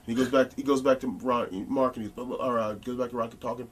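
A man as an interview guest, telling casual anecdotes in an animated, blunt way with some profanity. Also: mid-range voice, fast, hardly any pauses, breathy edge, distant mic.

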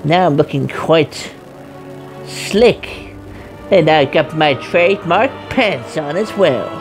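A woman giving loud, profane, playful let's-play commentary. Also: sits low, lively intonation, slow pace. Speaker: gaming streamer. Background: game music.

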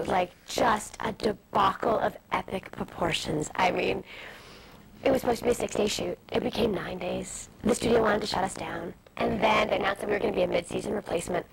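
A woman in her twenties telling stories as an interview guest, fast and animated, with many asides. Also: medium pitch, gravelly, husky. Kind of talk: candid storytelling interview. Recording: noisy early-2000s TV broadcast audio.

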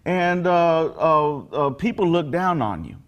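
Earnest, slightly high-voiced male pastor. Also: lively intonation, a little slow, muffled recording. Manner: conversational and earnest, with frequent fillers and restarts. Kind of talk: short daily devotional message.

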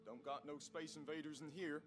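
A man's voice: fairly high pitch, steady tone, fairly quick, over music, natural voice. A man playing a curt, drawling bartender. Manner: curt, dismissive.

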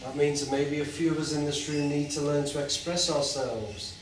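A man leading a group through a guided chakra meditation with slow, soothing instructions and long chanted tones, in a large room with an audience. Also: a little high, little pitch movement. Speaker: meditation teacher. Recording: echoey hall from far off.

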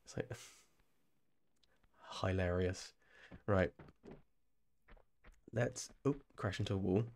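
English male streamer, young, a bit low-pitched, rambling live commentary with lots of restarts. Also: steady tone, slow, creaky, darkish tone, slight background noise. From England. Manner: rambling and chatty, often restarting phrases and laughing. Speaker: game streamer.

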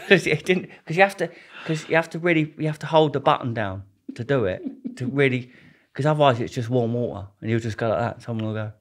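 A man's voice: medium pitch, expressive, fairly quick, a bit bright. Rambling Englishman telling prison stories. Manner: rambling, laughs often, many restarts. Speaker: podcast guest. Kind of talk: casual storytelling.

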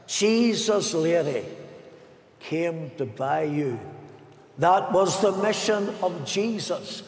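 An older man with a Northern Irish accent, a pastor preaching a sermon with slow, dramatic phrasing, long pauses and some half-sung lines, recorded in a large arena. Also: sits high. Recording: echoey arena with long reverb.

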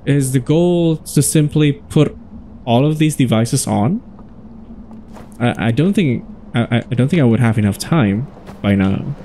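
A man's voice: medium pitch, animated, unhurried, dark tone, slight background noise. A man hosting his own gaming videos, chatting casually and thinking aloud as he plays. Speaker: gaming channel host. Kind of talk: casual let's-play commentary.

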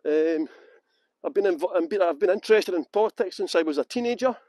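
Scottish man, middle-aged, high-pitched, chatty tour guide, laughs a lot, walking streets at night, phone mic. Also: a little fast, darkish tone, dry recording. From Scotland. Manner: chatty, laughs often, talks to viewers by name. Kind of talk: live-streamed walking tour commentary. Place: outdoors on town streets at night.

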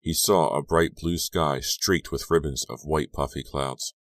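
A man narrating an audiobook in a steady, even reading voice. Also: very deep voice, measured pace, no room sound. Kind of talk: scripted narration.

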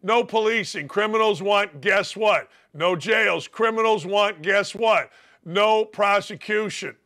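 Brash middle-aged male sports talk host with a high, bright voice, combative and mocking. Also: slow. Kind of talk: opinionated sports talk monologue.

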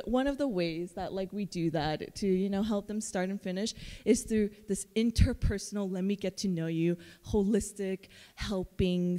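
A woman admissions counselor giving a chatty, animated conference presentation, full of fillers and playful quoted voices. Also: medium pitch. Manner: jumps into playful character voices for quoted texts. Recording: long reverb of a conference room.

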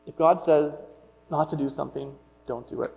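A man with a slightly high voice preaches a sermon, reading scripture and breaking into casual, joking asides. His voice rings out with a long hall reverb. The sound is a bit muffled, with a mains hum underneath. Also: steady tone, normal speed, vocal fry. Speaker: pastor.

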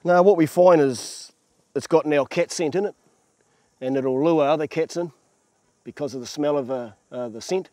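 Plain-spoken kiwi trapper outdoors. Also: male voice, a little high, moderate pace, dark tone, no echo. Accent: New Zealand. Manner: plain-spoken, practical, calls people mate. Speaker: predator trapper. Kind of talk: explaining in outdoor chat. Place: outdoors in the bush.

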